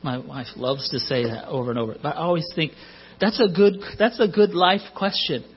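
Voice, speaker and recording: A man's voice: fairly high pitch, moderate pace, husky. A middle-aged man preaching a sermon in a conversational way, with joking asides, on a muffled recording with mains hum.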